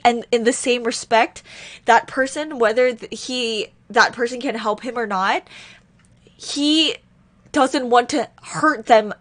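A woman's voice: fairly high pitch, fairly bright tone. A woman hosting a reaction video, talking in a rambling, distressed way as she explains a song. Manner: distressed, rambling, talks fast. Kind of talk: casual reaction commentary.

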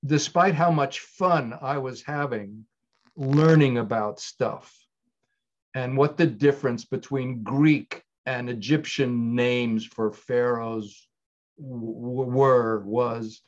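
A man's voice: medium pitch, dull audio. An older man, a writer-director, answering interview questions in a thoughtful, digressive way with frequent restarts.

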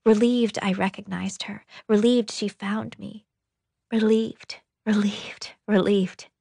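A woman narrating a novel in an intimate, breathy, half-whispered audiobook reading. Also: medium pitch, fairly even intonation, takes it slowly, mellow, no echo, studio quality.

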